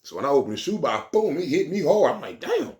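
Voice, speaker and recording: A man's voice: a little high, big pitch swings, fast talker, darkish tone. A man telling a street story in casual slang, rambling and repeating himself.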